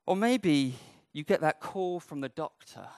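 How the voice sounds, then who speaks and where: A male preacher delivers a sermon in an easy, joking, conversational manner, slipping into voices for quoted lines. His pitch swings widely, and the sound is close and dry. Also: lively intonation, unhurried, a little mellow, dry recording. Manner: humorous, conversational, acting out quotes.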